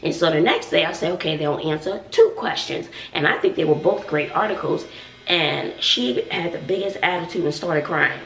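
A woman's voice: lowish voice, expressive, normal speed, gravelly, a bit bright, recorded from a distance. A woman in her forties, a schoolteacher, chatting casually to viewers while cooking in her home kitchen, sassy and talkative. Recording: echoey room, voice off-mic.

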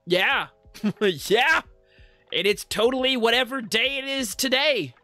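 Man in his thirties, upbeat co-host, laughs a lot, bright tense voice, dry room. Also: extremely high pitch, normal speed, dry recording, faint music behind. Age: 30s. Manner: upbeat, laughs often, rattles off lists. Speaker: podcast co-host. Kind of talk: casual chat, reading viewer comments.

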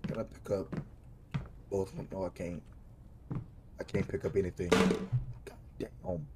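A man's voice: low-pitched, level tone, moderate pace, very noisy. A man giving casual, profane commentary while playing a horror game, talking to himself about how scared he is. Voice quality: profane, jumpy, talks to himself. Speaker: gaming streamer.

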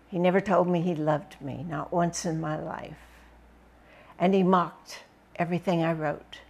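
A woman reading a first-person memoir aloud with expressive, dramatic storytelling. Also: on the low side, unhurried, vocal fry. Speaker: book reviewer reading aloud.

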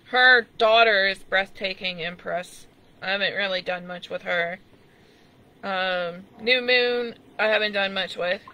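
A gamer who chats casually and swears a lot while playing, reacting out loud to the screen. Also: mid-range voice, a little slow. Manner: profane, laughing, talking to the screen. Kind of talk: casual gameplay chat.

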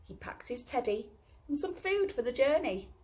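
A woman teacher reading a picture book aloud to children in an expressive, storytelling way. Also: a little high, moderate pace.

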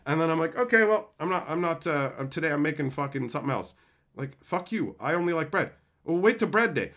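A man's voice: a little high, very animated, a little fast, fairly bright tone. A man streaming live, ranting in an exasperated, profane way about entitled viewers. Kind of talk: livestream rant.

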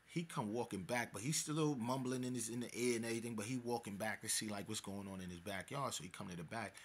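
A man with a husky, gravelly voice tells a street story in a loose, rambling way. He pads his telling with fillers and restarts, keeping it conversational and unscripted. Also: fast. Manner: rambling, many filler words like "boom" and "so".

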